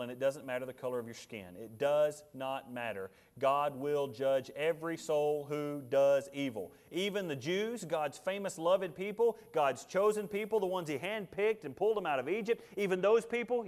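A male pastor, preaching a sermon emphatically, swinging between loud, high declarations and low, quiet asides. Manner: emphatic preaching with big swings in loudness and pitch.

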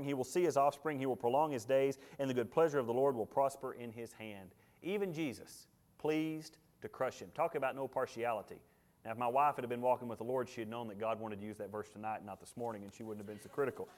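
A male pastor, preaching a sermon emphatically, swinging between loud, high declarations and low, quiet asides. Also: fast talker. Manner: emphatic preaching with big swings in loudness and pitch.

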